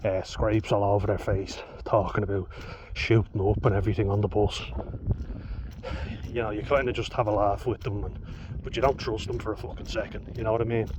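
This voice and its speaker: A fairly low-voiced Irishman vlogs at a brisk clip, rambling casually and swearing freely as he goes off on chatty asides. His audio sounds dull and lo-fi, with unbroken noise behind it.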